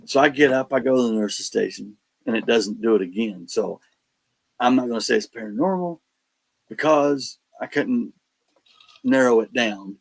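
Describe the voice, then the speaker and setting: A man telling his paranormal investigation stories in casual chat, animated and acting out the quotes. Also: mid-range voice, normal speed, gravelly, slightly rough, rough recording. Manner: animated storyteller, acts out quotes, laughs between lines. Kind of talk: casual storytelling on a podcast.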